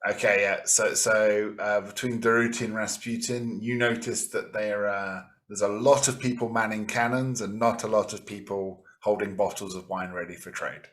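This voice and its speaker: A man narrating as game master of a tabletop role-playing game, playful and quick to laugh. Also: lowish voice, steady tone. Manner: laughing, playful, bursts into shouted character lines.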